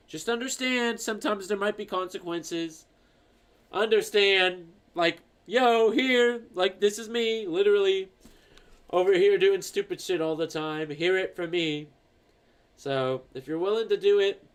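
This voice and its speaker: A man streaming, chatting casually and reading out viewer comments in an animated, rambling, profane way. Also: sits high, smooth.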